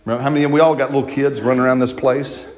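A man's voice: mid-range voice, flat delivery, rapid-fire, a little mellow. A man preaching a sermon to a congregation in church, in a conversational storytelling way, often checking in with "right?" and laughing through his funny stories. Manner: laughs while telling funny anecdotes. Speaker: pastor. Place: church service before a congregation.

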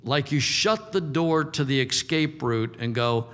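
A man's voice: mid-range voice, unhurried, few pauses, a bit bright. A man preaching a sermon in an informal, conversational way, acting out the voices he quotes and chuckling now and then. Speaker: pastor. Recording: long reverb of a large hall.

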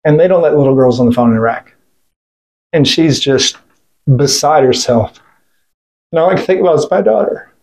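A man's voice: on the high side, normal speed, creaky, pauses often, darkish tone. Blunt man telling a war story. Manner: blunt, profane, retells events by quoting others; rambling with restarts and fillers. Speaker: interview guest, military veteran. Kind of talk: casual storytelling in conversation.

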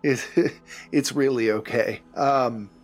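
A man voicing a friendly, kindly bookkeeper of the afterlife, who talks quickly and reassuringly. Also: mid-range voice, steady tone, soft background music, lightly acted.

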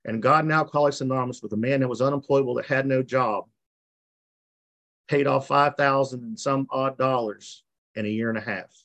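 A middle-aged man with a gravelly, fry-laden voice shares his recovery story over a video call. He speaks at a middle pitch and talks earnestly, circling back and repeating phrases. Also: fairly even intonation, fairly quick, fairly bright tone. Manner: earnest, repetitive, emotional storytelling. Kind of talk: personal testimony at a recovery meeting.

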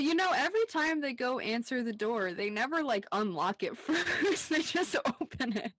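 A woman's voice: medium pitch, a bit bright, no room sound. A young woman co-hosting a rewatch podcast, recapping scenes in casual chat, laughing often and saying "like" a lot. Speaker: podcast co-host.

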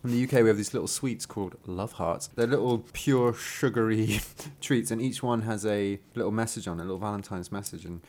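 A man's voice: fairly low pitch, fairly quick, hardly any pauses, a little mellow. A man, co-hosting a podcast in casual chat, laughing often and teasing. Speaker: podcast co-host.

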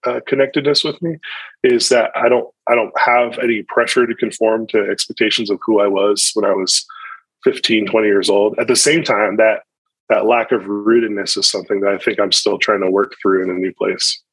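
A man's voice: on the low side, fairly even intonation, brisk, fairly bright tone, slightly rough, no echo, poor audio. A man in his thirties, a pastor, talking reflectively in a podcast interview, often restarting his sentences. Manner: reflective, with frequent restarts and fillers.

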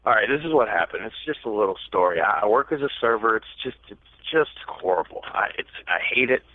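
A man with a slightly low voice rambles through a story and pokes fun at himself. His voice comes through a tinny, phone-like line. The sound is dry, with no room in it. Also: lively intonation, fast talker, dry recording. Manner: rambling, self-mocking storyteller. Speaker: podcast guest. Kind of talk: casual storytelling.

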